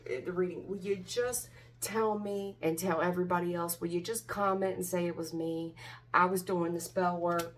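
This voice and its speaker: A woman's voice: lowish voice, far from the mic. A woman tarot reader talks in a blunt, preachy way, scolding her listeners and swearing freely. Her voice comes from a little away from the mic, with faint noise behind it. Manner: angry, confrontational, preachy, swearing. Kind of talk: tarot reading vlog.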